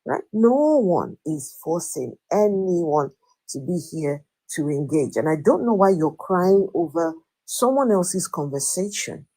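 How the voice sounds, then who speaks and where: A woman's voice: on the low side, very animated, unhurried, dark tone, low-quality recording. A woman hosting a live audio-room debate, firm and blunt, who presses the same question again and again. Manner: firm and blunt, repeats her questions insistently. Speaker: host of an online audio discussion room.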